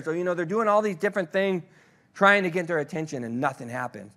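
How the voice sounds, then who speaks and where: Male Bible teacher, slightly high voice, casual delivery, slows down for scripture readings. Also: expressive, bright, forceful tone. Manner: conversational, frequent "you know" fillers; reads scripture aloud slowly and emphatically. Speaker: pastoral care leader teaching scripture.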